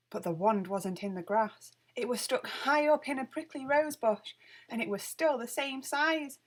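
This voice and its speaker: A woman reading a children's picture book aloud with lively, expressive storytelling. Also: fairly high pitch, normal speed. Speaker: storybook reader.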